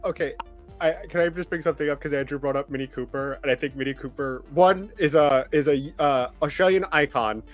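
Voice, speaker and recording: A man's voice: on the high side, a little fast, faint music behind. A man co-hosting a podcast in casual chat, enthusiastic and emphatic. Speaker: podcast co-host.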